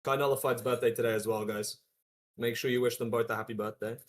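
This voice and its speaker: A man's voice: medium pitch, steady tone, fast talker, a little hiss or hum. A young man chatting casually to a live stream while he cooks, rambling and slangy, swearing and trailing off mid-sentence, sometimes stepping away from the mic. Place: home kitchen.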